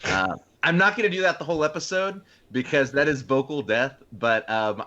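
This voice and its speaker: A man's voice: a little high, brisk, bright, forceful tone, muffled recording. A man co-hosting a film podcast, talking eagerly and restarting his sentences as he goes. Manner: enthusiastic, repeats words when starting a thought. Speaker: podcast co-host. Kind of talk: casual chat.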